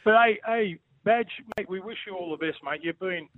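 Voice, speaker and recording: Aussie guy on a phone call, kinda high voice, dry sound, ribbing his mate nonstop. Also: normal speed, no echo. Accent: Australian. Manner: jokey, excitable, says mate constantly. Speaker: former footballer calling in. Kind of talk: casual banter on a phone call. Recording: tinny phone line.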